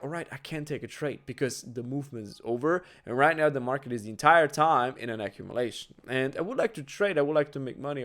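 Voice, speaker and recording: Man, chatty talk to camera, keeps asking right?, mid pitch. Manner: conversational, frequent "right?" tags and fillers. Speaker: trading educator. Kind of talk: casual explanatory talk to camera.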